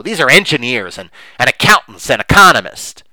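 A man's voice: mid-range voice, very animated, brisk, bright, forceful tone, no room sound, poor audio. A man hosting a podcast, arguing emphatically and impassioned, with frequent restarts. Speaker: podcast host. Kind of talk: opinionated podcast talk.

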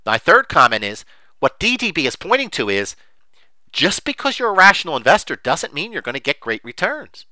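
Animated, bright-voiced middle-aged man. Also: fairly high pitch, no room sound. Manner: animated, emphatic, rambling with many fillers. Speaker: investing commentator. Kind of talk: unscripted monologue.

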